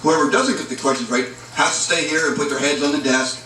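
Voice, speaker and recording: A stern grade-school teacher barks orders at her class, put on by a man telling a joke. The voice is bright and a bit raised. It is caught from across an echoey room with faint noise behind. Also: a little high, fast, distant mic. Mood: bossy.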